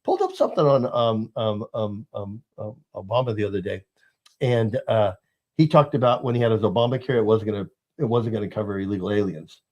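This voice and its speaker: A man's voice: fairly low pitch, animated, fairly quick, darkish tone, dull audio. A man hosting a casual political talk show, rambling with lots of fillers and restarts.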